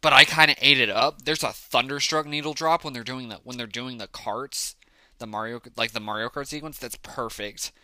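A man's voice: mid-range voice, moderate pace, bright, forceful tone, no echo. A man hosting his own podcast, reviewing films in a casual, enthusiastic, rambling way with lots of fillers. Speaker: podcast host. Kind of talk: casual solo film review.

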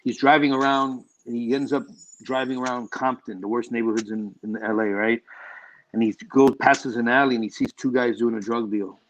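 A filmmaker appears as a guest in a casual interview, rambling through animated stories and restarting often. He has a mid-range male voice at normal speed, and the recording is rough.

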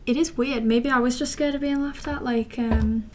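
Young woman, 19, fairly high voice, casual rambling vlog, self-deprecating. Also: steady tone, normal speed, background noise. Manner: chatty, self-deprecating, many fillers and asides. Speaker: vlogger.

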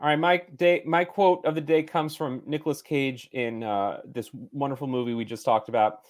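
A man's voice: mid-range voice, steady tone, normal speed. A man co-hosting a casual movie podcast in a mid-range voice. He rambles, with lots of fillers. His tone is chatty and conversational. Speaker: podcast co-host.

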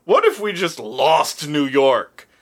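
A man putting on a boastful, clueless tall general, speaking in a slow drawl. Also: on the high side, sing-song, full character voice.

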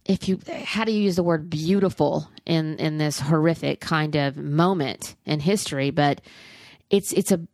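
A middle-aged woman with a low, gravelly voice talks in candid, profane, rambling chat about films. Her voice sits dry and close to the mic, with no room around it. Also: normal speed, darkish tone, no room sound. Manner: candid, profane and chatty with frequent restarts. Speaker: podcast co-host reviewing films. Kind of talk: casual chat.

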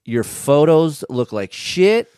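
A man's voice: a little high, big pitch swings, slow, warm tone, smooth, no echo, studio quality. Blunt, profane man hosting a podcast. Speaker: podcast host. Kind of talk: casual podcast chat. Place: studio.

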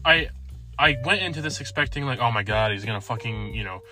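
Rambling young man, bright voice. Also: medium pitch, animated, brisk, soft background music. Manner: rambling, filler-heavy, swears. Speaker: podcast co-host. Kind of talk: casual movie review chat.

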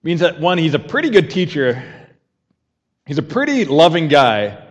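A man's voice: on the high side, big pitch swings, moderate pace, long reverb tail. A man preaching a conversational sermon as pastor, repeating a key phrase and having the congregation say it back.

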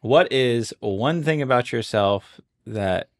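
A man's voice: medium pitch, lively intonation, slow pace. A young adult man co-hosting a podcast, talking casually and joking, a bit self-conscious. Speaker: podcast co-host. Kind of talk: casual chat.

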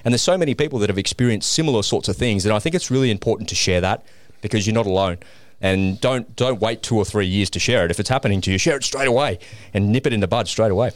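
A middle-aged man, a podcast guest, telling a personal story in a lively way and acting out the voices in it. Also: on the low side, quick pace, dry recording. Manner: animated, acts out the voices in his story.

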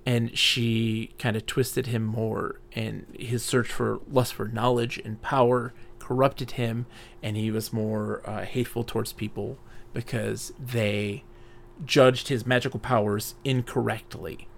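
Gravelly man retelling a fantasy novel. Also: medium pitch, a little slow, slight background noise. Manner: animated retelling with many fillers. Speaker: podcast co-host. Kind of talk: casual book discussion.

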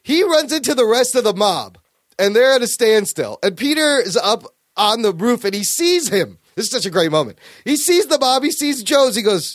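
A man hosting a casual podcast, animatedly retelling a comic story with profanity and quick acted-out quotes. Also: high-pitched, animated, no room sound, clean studio sound. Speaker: podcast host. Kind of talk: casual comic book chat.

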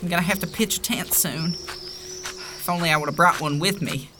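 A woman's voice: lowish voice, normal speed, noisy background, close to an everyday voice. A woman voicing a naive young small-town man who dreams of stardom, nervous and stammering. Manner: nervous, stammering, wide-eyed.

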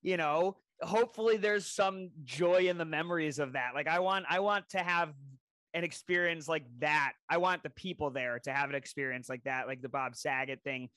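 A young man in his twenties with a bright, forceful voice, a little higher than most men. He tells stories animatedly on a casual podcast, swearing freely. The sound is dry and close. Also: moderate pace, no room sound. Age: 20s. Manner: animated storytelling, heavy swearing. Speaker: podcast co-host.

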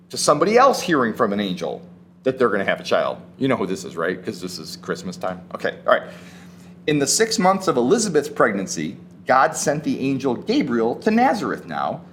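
Lively, emphatic male preacher. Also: medium pitch, a little hiss or hum. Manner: animated, emphatic storytelling with casual asides. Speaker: pastor. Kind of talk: sermon.

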